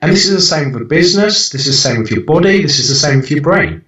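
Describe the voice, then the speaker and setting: A man's voice: fairly high pitch, lively intonation, fast talker, a bit bright, far from the mic. A young man, a podcast guest, talking bluntly and with plenty of swearing as he tells motivational stories. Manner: blunt, profane, motivational storytelling. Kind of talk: casual podcast conversation. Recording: dull, roomy podcast recording.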